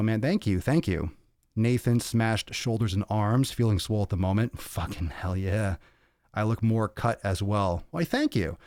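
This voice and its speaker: A male podcast host, out of breath, chatting casually on a livestream and reading viewer comments in an energetic, profane, rambling way into a podcast mic. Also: lowish voice, dry recording, clean studio sound. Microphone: podcast microphone.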